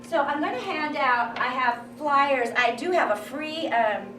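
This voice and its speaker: A woman's voice: high-pitched, lively intonation, unhurried. A woman leading a confidence and voice workshop, encouraging a crowded room of girls through breathing exercises. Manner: encouraging, leads group exercises, loud counting drills. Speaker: workshop coach. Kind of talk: live workshop talk to a group. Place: crowded room with a group standing. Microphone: far room recording. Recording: echoey room from a distance with music.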